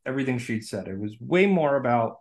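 A man co-hosting a podcast, calmly recapping a film's plot with dry jokes. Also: mid-range voice, a little fast. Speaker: podcast co-host. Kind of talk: casual film discussion.

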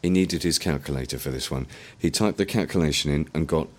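A man narrating an audiobook in an expressive storytelling manner. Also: rumbling low, brisk.

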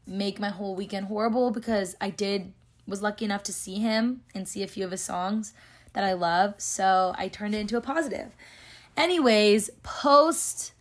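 Young woman, late teens to early twenties, vlogger, fast, chatty, filler-heavy delivery. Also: mid-range voice. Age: young adult. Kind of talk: casual storytelling vlog.

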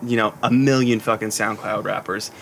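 A man's voice: lowish voice, steady tone, normal speed, gravelly, fairly bright tone, slight background noise. A young man hosting a casual chat, laid-back and rambling, with frequent swearing.

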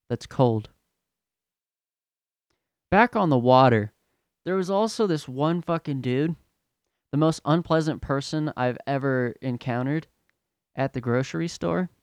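Young male podcast host, exasperated and profane, smooth voice, dead-dry sound. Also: medium pitch, darkish tone, no echo. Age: young adult. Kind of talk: ranting storytelling monologue.

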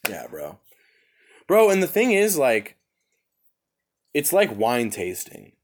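A young adult man hosting a podcast in casual chat, talking in an excitable, profane, animated storytelling way. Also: mid-range voice, slow pace, a little hiss or hum. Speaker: podcast host.

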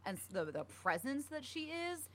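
A woman's voice: high voice, very animated, moderate pace. A young woman co-hosting a podcast in casual chat, talking with many fillers. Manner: chatty, uses many fillers like "like" and "um". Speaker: podcast co-host.

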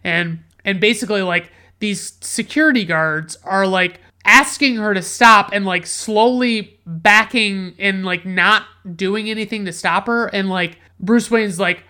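A woman's voice: medium pitch, measured pace, few pauses, sharp tone. A woman hosting a movie review podcast, rambling in a casual rant full of swearing and filler words. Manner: rambling, heavy swearing, many filler likes.

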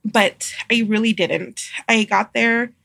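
A young adult woman, a midwife guest on a podcast, telling a personal story in a casual, animated way and acting out the voices of others. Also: fairly high pitch, slow, vocal fry, dry recording, clean studio sound. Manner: animated, acts out quoted voices, laughs often.

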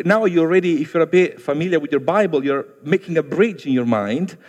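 A man with an Italian accent preaches a sermon in a fairly high voice. He talks earnestly and conversationally and often turns to address the congregation directly. A long reverb from a large hall trails after his words. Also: a little mellow.

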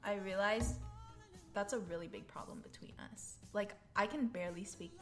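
A woman's voice: medium pitch, normal speed, soft background music. A young woman in her twenties co-hosting a podcast, playful and teasing, laughing often. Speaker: podcast co-host. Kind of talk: casual chat.

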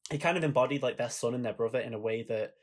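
A man's voice: mid-range voice, racing. A man co-hosting a podcast, chatting casually and enthusiastically about films, retelling favourite scenes with laughter. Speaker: podcast co-host. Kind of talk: casual film chat.

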